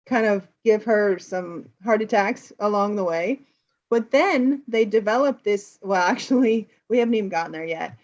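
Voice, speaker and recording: An American woman teaching English, retelling a film plot in a lively, explaining way for learners. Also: mid-range voice, lo-fi sound. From United States.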